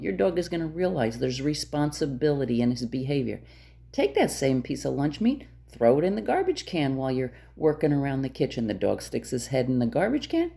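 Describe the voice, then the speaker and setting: A female dog trainer talks to the camera about her methods, speaking directly and emphatically and often repeating herself to drive points home. Her low, mellow voice has a gravelly edge, and her pitch swings widely from phrase to phrase in a sing-song way at normal speed.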